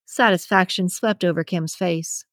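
A woman's voice: on the low side, measured pace, no room sound. Woman narrating an audiobook, dry close sound. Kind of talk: scripted narration.

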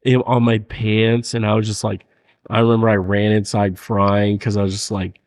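Young guy on a podcast, low voice, laughs a lot telling old stories. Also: normal speed. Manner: animated storyteller, laughs often. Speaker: podcast guest. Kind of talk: casual chat.

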